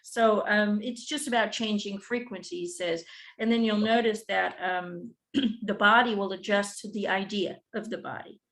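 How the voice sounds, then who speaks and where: A woman's voice: mid-range voice, steady tone, normal speed, fairly bright tone, low-quality recording. A woman giving a channeled spiritual reading, relaying a guide's messages with frequent "he says" and ums. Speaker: spiritual reader.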